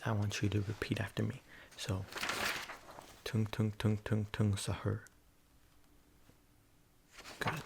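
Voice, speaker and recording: A man in a whispered role-play, rambling softly with lots of fillers and coaxing the listener to repeat silly names after him. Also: lowish voice, creaky, background noise. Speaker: ASMR creator.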